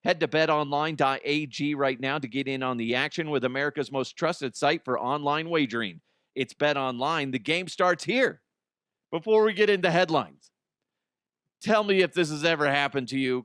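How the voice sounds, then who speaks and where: A man's voice: mid-range voice, moderate pace, a bit bright, smooth, no room sound, studio quality. A man hosting a comedic podcast, telling stories in a loose monologue, swearing often and laughing at his own jokes. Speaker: podcast host.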